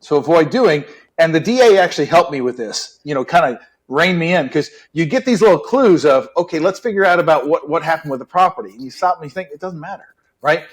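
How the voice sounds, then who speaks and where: Middle-aged ex-detective guest, slightly high voice, relaxed and chatty. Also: male voice, quick pace, breathy edge. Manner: relaxed, chatty, many "right?" and "you know". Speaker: retired police detective guest. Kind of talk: casual storytelling interview.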